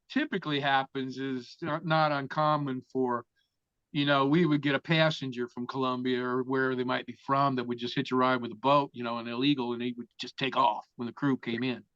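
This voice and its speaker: A man's voice: medium pitch, a bit bright, smooth, dry recording. A man telling a story as an interview guest, casual and full of swearing. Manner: profane, vivid storyteller. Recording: dull, dry lo-fi sound.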